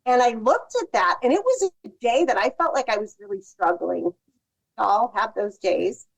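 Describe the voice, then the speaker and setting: A woman's voice: a little high, animated, normal speed, vocal fry, low-quality recording. A woman, a podcast guest, giving thoughtful advice in casual conversation. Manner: thoughtful, restarts sentences.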